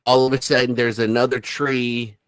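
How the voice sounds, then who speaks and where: Man, sarcastic commentary, mid pitch, dry close sound. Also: little pitch movement, normal speed, a bit bright, dry recording. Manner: sarcastic, exclaims and mocks. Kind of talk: casual commentary on videos.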